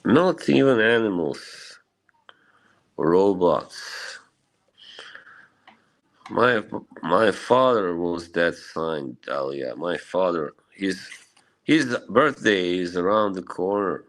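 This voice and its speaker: A man with a very low voice rambles through a casual live stream, swearing as he answers his chat. He talks slowly and sounds emotionally shaken. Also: lively intonation, a bit bright.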